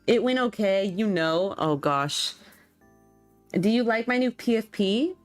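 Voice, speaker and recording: A woman's voice: medium pitch, animated, a little slow, dry recording, soft background music. A young woman streaming and chatting casually with her viewers. She reacts to chat and laughs often.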